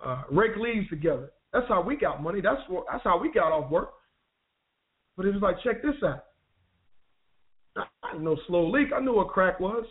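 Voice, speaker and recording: A man on a radio show telling his life story in a relaxed, conversational way, using street slang and often restarting his sentences. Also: sits high, fairly quick. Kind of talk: personal storytelling. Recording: tinny phone line.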